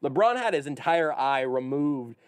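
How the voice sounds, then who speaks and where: A man hosting a sports talk radio show, leading the banter with wry, animated jokes. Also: medium pitch, moderate pace, a crowd in the background. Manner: animated, wry, leads the conversation.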